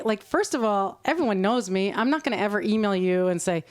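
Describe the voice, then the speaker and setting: A middle-aged woman, a podcast guest, telling a work story in a lively, animated way and laughing often. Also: mid-range voice, brisk, few pauses, no room sound. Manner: animated, acts out quoted voices, laughs often. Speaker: podcast guest, nonprofit CEO. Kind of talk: conversational storytelling.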